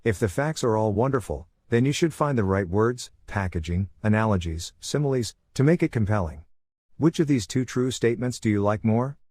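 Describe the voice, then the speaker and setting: A man's voice: lowish voice, lively intonation, normal speed, a little mellow, no echo. A man giving an emphatic, commanding audiobook reading of his own self-help text. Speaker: audiobook narrator.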